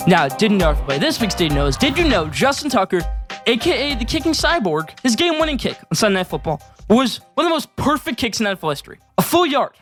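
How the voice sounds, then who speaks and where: A man's voice: high-pitched, big pitch swings, quick pace, over music. A young man hosting a solo sports show, running hyped, emphatic segments and repeating his points. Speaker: sports podcast host.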